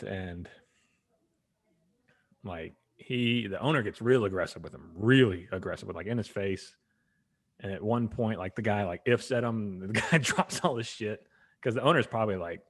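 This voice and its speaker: A man co-hosting a sports podcast, telling a rambling story in casual chat and acting out the people in it. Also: lowish voice. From Atlanta area. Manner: rambling storytelling, acts out quoted voices. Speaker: podcast co-host.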